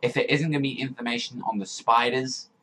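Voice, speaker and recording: A young man giving casual reaction commentary on a manga chapter, excitable and profane, rambling with lots of fillers. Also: mid-range voice, fast, slight background noise.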